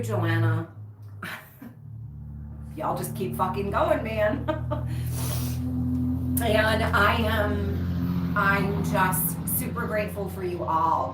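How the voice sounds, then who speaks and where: A woman hosts a casual livestream, speaking slowly to her viewers in an emotional, frank way, with casual swearing. Her voice comes from a little way off the mic, in a room with noticeable echo and faint ambient noise. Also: mid-range voice. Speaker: livestream host, recovery coach. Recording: roomy echo, distant mic.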